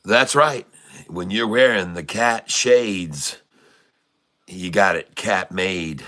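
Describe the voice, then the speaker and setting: A middle-aged man runs a casual livestream full of puns, jokes and frequent laughter. He has a deep voice, a slow pace and a sharp tone.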